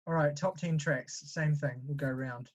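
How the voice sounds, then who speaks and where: A man's voice: fairly high pitch, fairly even intonation, moderate pace, highs cut off. A man co-hosting a casual podcast chat, blunt and joking, with swearing. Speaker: podcast co-host.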